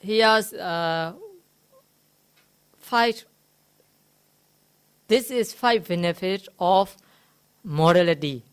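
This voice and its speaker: A woman gives a slow, unhurried Dhamma talk as a Buddhist teacher. Her voice is fairly low and clear, and she pauses often with fillers while she explains each word. Now and then she gently teases her listeners. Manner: halting, explains Pali terms slowly with many fillers; gently teasing the audience. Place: meditation centre hall.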